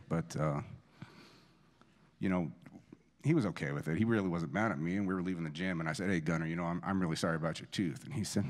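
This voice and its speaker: At a church memorial, a man in his forties speaks at a quick pace in a low-pitched voice. His eulogy is a string of funny, self-deprecating anecdotes about a friend's son, with many restarts.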